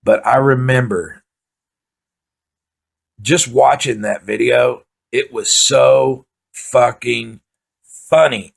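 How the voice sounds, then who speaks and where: A man doing profane, rambling comic storytelling, excitably acting out his own panic. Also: mid-range voice, slow, creaky, husky. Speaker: stand-up comedian.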